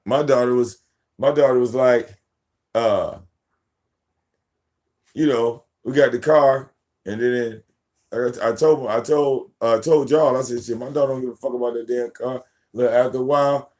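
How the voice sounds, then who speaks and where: A man in his forties hosts a live stream and tells stories in a loose, profane way. He acts out what people said with lively, jumping delivery. His voice sits at an ordinary middle pitch. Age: 40s. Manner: profane, animated, acts out quotes. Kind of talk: casual storytelling.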